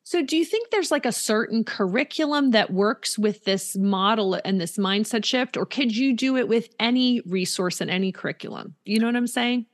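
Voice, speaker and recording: A woman's voice: on the high side, expressive, moderate pace, few pauses. A woman hosting a podcast interview, asking loosely phrased, casual questions. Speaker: podcast host.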